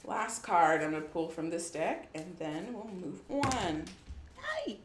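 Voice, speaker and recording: A woman runs a casual tarot reading for her viewers in an upbeat, affirming way, reading card meanings aloud. Her voice sits a little low and carries a roomy echo, with faint background noise underneath. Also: animated, measured pace. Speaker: tarot reader.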